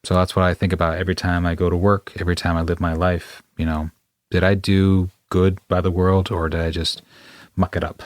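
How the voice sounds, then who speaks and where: A man with a very low voice hosts a casual podcast chat. He muses and rambles, often laughing at his own stumbles. His voice sounds close and dry, with almost no room sound. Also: little pitch movement, brisk, dry recording. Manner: reflective, rambling, self-deprecating. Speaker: podcast host. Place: podcast studio.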